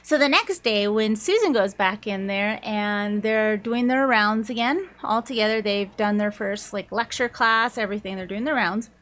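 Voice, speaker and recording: A woman's voice: mid-range voice, normal speed, hardly any pauses, a bit bright. A woman reviewing a book, chatting casually and rambling through the plot with frequent laughs.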